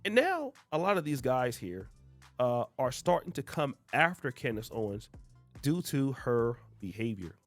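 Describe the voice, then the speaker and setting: A man's voice: mid-range voice, very animated, measured pace, faint music behind. A man hosting a reaction video, explaining clips in a conversational way. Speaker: host. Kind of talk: reaction commentary.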